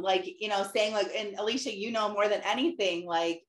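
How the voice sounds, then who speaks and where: A woman hosts a casual live chat, speaking at a middle pitch. She tells stories in an animated way, acting out her own lines with big pitch jumps. Her voice rings in a roomy, echoey space. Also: fairly quick. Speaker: host, life coach. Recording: echoey room.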